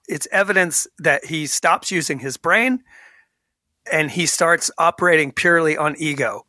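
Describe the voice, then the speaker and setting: A man's voice: on the high side, normal speed, no echo. A man co-hosting a casual sports podcast, ranting with lots of restarts and stammers. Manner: animated, ranting, frequent restarts. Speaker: podcast co-host.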